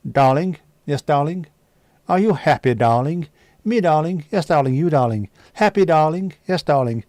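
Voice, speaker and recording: A man's voice: a little high, expressive, normal speed, darkish tone, no echo, studio quality, close to an everyday voice. A man voicing a posh, overwrought couple from old British films in a clipped, theatrical manner. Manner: clipped, theatrical, repeating darling.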